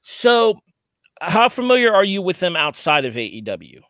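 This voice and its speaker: A man's voice: high voice, sing-song, moderate pace, fairly bright tone, no room sound. A man co-hosting a podcast, giving a casual wrestling review in an analytical way and swearing freely. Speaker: podcast co-host.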